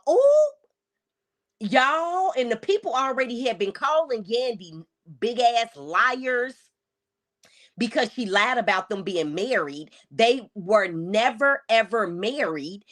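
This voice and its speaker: Female livestream host, casual reaction commentary, animated swooping delivery, talks right to chat. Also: fairly high pitch. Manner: chatty and exclamatory, addresses viewers directly.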